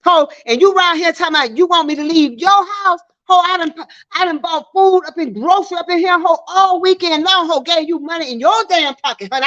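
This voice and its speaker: A woman's voice: very high-pitched, a bit bright. A woman voicing a brash, boastful middle-aged veteran man who scolds and brags with repetitive insults, on dull lo-fi stream audio.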